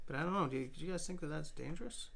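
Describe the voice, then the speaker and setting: A tired man hosting a casual live stream from his phone, rambling in a relaxed, self-deprecating way. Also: on the high side, very fast, gravelly. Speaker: bushcraft channel host. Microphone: phone camera.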